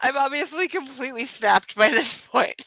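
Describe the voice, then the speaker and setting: A woman hosting a book club livestream, chatting casually and reading aloud, giggling and exclaiming in loud reactions. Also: high voice, lively intonation, normal speed, no room sound, low-quality recording.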